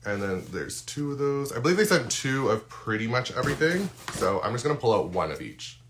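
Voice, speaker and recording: A man's voice: mid-range voice, very animated, a little fast, fairly bright tone, a little hiss or hum. A man who is losing his voice, chatting casually through a live unboxing with lots of ums and restarts. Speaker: skincare content creator. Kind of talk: live-stream unboxing chat.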